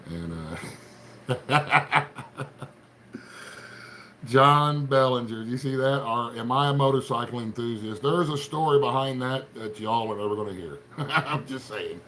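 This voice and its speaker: There's slight background noise as a livestream host chats casually, greeting viewers by name in a rambling, folksy way. He's a middle-aged man from Appalachian Ohio with an Appalachian accent and a mid-range, sharp-toned voice that moves a little slowly.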